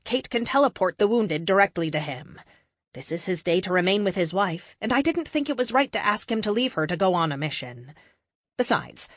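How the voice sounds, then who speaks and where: A woman's voice: lowish voice, dry recording, clean studio sound. A woman narrating a superhero audiobook in the first person, telling the story expressively.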